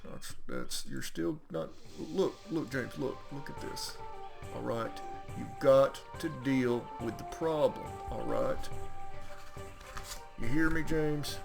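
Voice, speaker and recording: A man's voice: mid-range voice, takes it slowly, vocal fry. A man voicing a folksy, lecturing middle-aged TV psychologist who scolds him in a patronizing therapist tone and keeps asking "all right?". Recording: game music playing behind.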